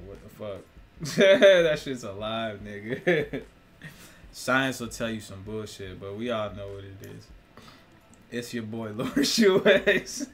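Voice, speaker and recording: Talking to camera on his own channel, this man's voice is on the low side and a bit bright. His monologue is casual and rambling, full of profanity, frequent laughter and questions aimed at viewers.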